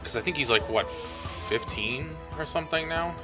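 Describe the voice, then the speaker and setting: A man with a fairly high voice streams a co-op game at normal speed, rambling casually with plenty of fillers. Game music plays in the background.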